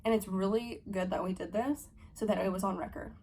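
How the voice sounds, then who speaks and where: A young woman in her twenties telling a story to camera in a fast, profane, animated vlog style, acting out her own heated lines. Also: mid-range voice, slight background noise. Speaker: vlogger. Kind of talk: storytime vlog, casual chat.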